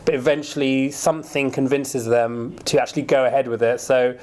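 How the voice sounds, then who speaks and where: A man's voice: medium pitch, level tone, brisk, darkish tone. A man, a film director, speaking in a casual radio studio interview and telling his story in a chatty, anecdotal way.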